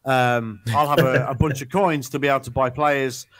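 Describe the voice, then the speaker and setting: A man's voice: mid-range voice, steady tone, normal speed, a bit bright. Rambling man, casual podcast chat. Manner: chatty, rambling with many restarts and ums. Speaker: podcast co-host.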